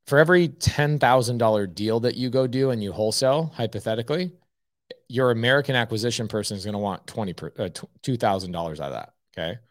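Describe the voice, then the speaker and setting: A man's voice: medium pitch, fast talker, no echo, clean studio sound. A man hosting a live stream, giving blunt, emphatic coaching advice and saying "okay" often. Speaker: host.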